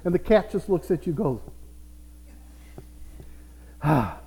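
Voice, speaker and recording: A man's voice: high voice, animated, fast, mellow. A man preaching a sermon as pastor, with playful asides to his congregation. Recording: reverberant hall.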